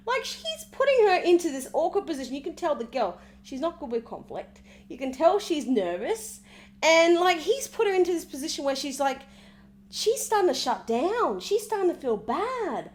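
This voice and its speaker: A woman recaps a reality TV episode in a gossipy, animated and sarcastic way, often slipping into mimicry of the people she discusses. Her voice is high and bright, and she speaks at a moderate pace.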